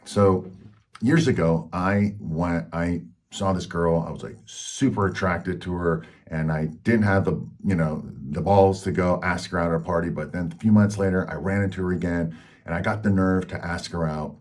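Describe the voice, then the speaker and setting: A man's voice: deep voice, fairly even intonation, normal speed, a little mellow. A man hosting a health channel, telling a personal story in a frank, rambling way with lots of fillers.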